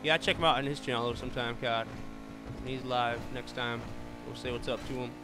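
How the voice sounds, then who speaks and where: A man's voice: medium pitch, steady tone, a little fast, over music. A man streaming a racing game, chatting with viewers and friends and exclaiming often. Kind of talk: live gameplay commentary.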